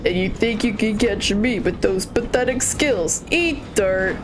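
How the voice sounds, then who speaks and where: A woman's voice: mid-range voice, unhurried, music in the background, close to an everyday voice. Woman voicing a smug mocking ghost creature. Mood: smug taunting. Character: arrogant taunting ghostly creature, cocky.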